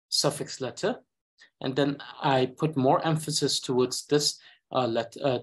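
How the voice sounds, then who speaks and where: A man with a Tibetan accent teaching a language reading lesson, talking slowly and carefully with frequent hesitations. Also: medium pitch, breathy edge. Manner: slow, careful, hesitant with many uhs. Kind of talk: slow reading lesson with explanation.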